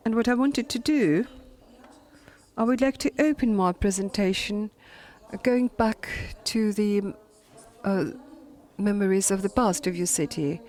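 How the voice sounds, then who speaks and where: A woman's voice: mid-range voice, darkish tone. German-accented woman historian giving a lecture. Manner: halting, with many filler pauses. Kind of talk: lecture read from a prepared text.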